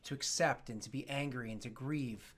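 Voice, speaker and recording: A man voicing a formal, patient bishop of a church in a tabletop game, speaking in a measured, halting way. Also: mid-range voice, a crowd in the background, lightly acted. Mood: solemn.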